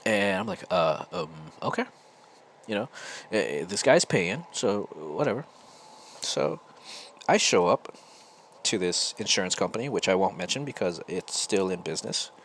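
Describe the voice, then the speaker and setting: A man's voice: low voice, big pitch swings, moderate pace, a bit bright, a little hiss or hum. An American man hosting a podcast, telling a casual, rambling story full of restarts. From United States. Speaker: podcast host.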